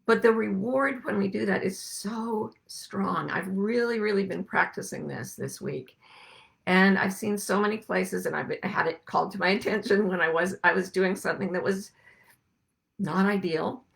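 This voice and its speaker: A middle-aged woman hosting a reflective spiritual talk, speaking gently and musing, slowing down to stress her points. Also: mid-range voice, creaky. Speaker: podcast host and life coach.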